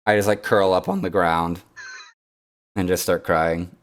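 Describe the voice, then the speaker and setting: A man playing a character in a tabletop game, slowing and dropping low as he describes his actions. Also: fairly even intonation. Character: pitiful drunk man Sebastian. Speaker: player.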